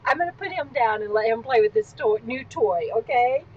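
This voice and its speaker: A livestream host chats casually from home on a swivel stool, rambling and drifting into asides. Her voice is on the high side, animated and brisk; the recording has its highs cut off and a little hiss or hum.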